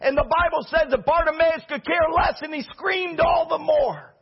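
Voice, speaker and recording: A man's voice: extremely high pitch, normal speed, vocal fry, muffled recording. A male pastor preaching a sermon with fervor and repeating key phrases for emphasis.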